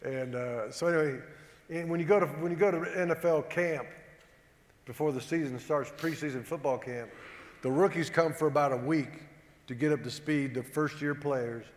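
Animated man telling stories in a hall. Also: a little high, normal speed. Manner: animated, self-deprecating, acts out quoted dialogue. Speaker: former football player giving a talk. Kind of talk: humorous storytelling speech to a live audience. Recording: echoey hall with long reverb.

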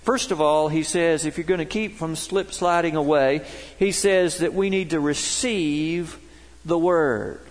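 A man's voice: on the high side, a little slow, in a large hall. A middle-aged man preaching a sermon to his congregation in a worship center, emphatic and folksy, telling stories to make his points. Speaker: pastor.

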